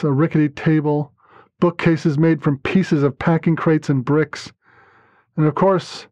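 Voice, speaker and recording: A man narrating a first-person story as a podcast reader, calm and even. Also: on the high side, no room sound. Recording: dull lo-fi dry recording.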